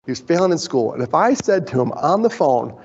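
A husky man with a gravelly edge tells stories to a conference audience and animatedly acts out the people he quotes. His voice carries a long hall reverb, and the recording sounds muffled and dull. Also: fairly high pitch, sing-song, fairly quick, darkish tone. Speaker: conference speaker. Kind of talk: storytelling conference talk.

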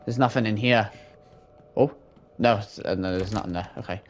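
A man's voice: lowish voice, normal speed, slight background noise. A man hosting a horror game playthrough, talking to his viewers in a jumpy, frightened way and swearing often. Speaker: gaming channel host. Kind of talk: let's-play commentary.

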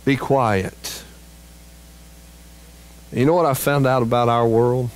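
A man preaching a sermon as pastor, slow and emphatic, climbing higher and louder at peaks and dropping low and quiet on key phrases. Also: steady tone, low-quality recording.

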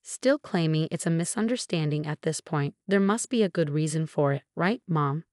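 A woman voicing a calm young husband who speaks in a measured, cold and firm way. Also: fairly high pitch, no echo, studio quality, lightly acted.

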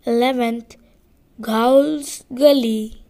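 Woman reader for a children's story: higher pitch, unhurried, careful, rereads stumbles. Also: steady tone, dark tone. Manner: slow and deliberate, with rereads and self-corrections. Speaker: audiobook reader. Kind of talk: reading a children's book aloud.

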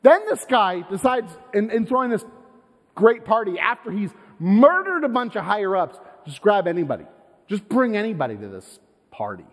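A pastor preaching a sermon in a lively, conversational way, posing rhetorical questions to his congregation. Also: high-pitched, moderate pace, long reverb tail. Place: church sanctuary.

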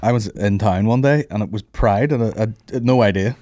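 A man's voice: fairly low pitch, fairly quick, dark tone, no room sound, studio quality. A man, hosting a casual comedy podcast, swearing and laughing through anecdotes. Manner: swears freely, laughs often, tells anecdotes. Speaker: podcast host.

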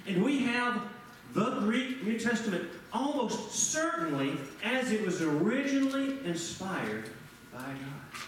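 A man's voice: high-pitched, a little slow, a little hiss or hum. A man preaching a sermon as pastor, firing off rhetorical questions and talking straight to his congregation. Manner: animated, rhetorical questions, addresses congregation by name. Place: church sanctuary. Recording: echoey church room, mic at a distance.

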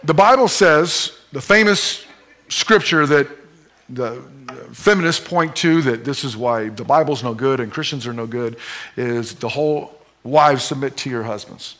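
A man, a pastor, preaching a sermon in a playful, animated way, with live demonstrations using a volunteer during a church service. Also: mid-range voice, measured pace.

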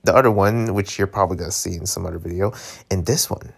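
Playful gravelly man reacting to a webtoon. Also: deep voice, fast. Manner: playful, laughing, jokey asides. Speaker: webtoon reader. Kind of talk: casual reading and reaction.

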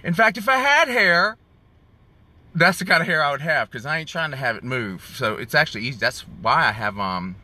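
Man, chatty live-streamer, sassy; bright, slightly high voice, phone mic in a car. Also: lively intonation, fairly quick. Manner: chatty, sassy, calls viewers y'all and honey. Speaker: vlogger doing a live stream. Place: in a car in the rain.

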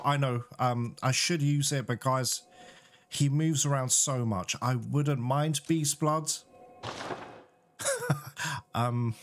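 A man's voice: mid-range voice, slight background noise. A young man giving casual gameplay commentary, chatty and jittery, with nervous laughs and mild swearing. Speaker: let's play gamer.

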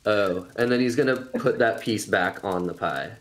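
A man's voice: fairly low pitch, normal speed, very noisy. A man playing a tabletop game, narrating his character's actions. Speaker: player. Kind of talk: casual tabletop play.

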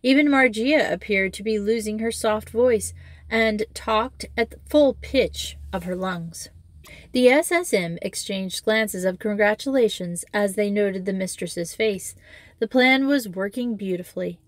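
A woman's voice: medium pitch, a little slow, no echo. Woman reading a story aloud, dry and close. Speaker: audiobook reader. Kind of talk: reading a children's novel aloud.

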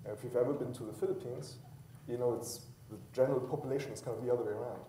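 A man's voice: mid-range voice, steady tone, rapid-fire, mellow. Chatty man on a roomy panel stage. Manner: chatty and self-deprecating, many fillers. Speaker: insurance executive panelist. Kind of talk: conference panel discussion. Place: conference hall. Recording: roomy panel hall from far off.

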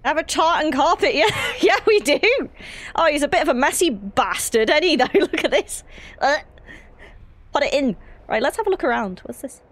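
A woman's voice: high voice, expressive, moderate pace. A young woman streaming a horror game, chatty and giggly with rambling asides. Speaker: gaming streamer. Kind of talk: casual let's-play commentary.

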